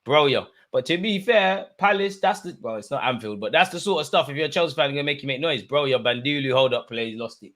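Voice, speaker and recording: A young man, commentating live on a football match for his viewers and shouting at the screen. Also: mid-range voice, fast talker, few pauses. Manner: excitable, swings from muttering to shouting at the screen. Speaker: football watchalong host. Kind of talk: live watchalong commentary, casual.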